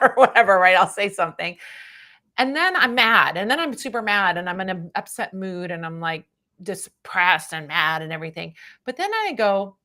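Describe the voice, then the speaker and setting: A middle-aged woman giving a casual tarot reading on a livestream, chatty and animated, often adding "right?" and laughing. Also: mid-range voice, moderate pace. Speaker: tarot reader.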